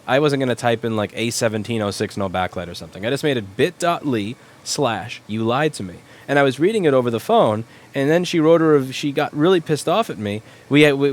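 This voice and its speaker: A young man hosting a casual livestream, answering viewers' questions in a blunt, rambling, profane way. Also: medium pitch. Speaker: livestream host, repair shop owner.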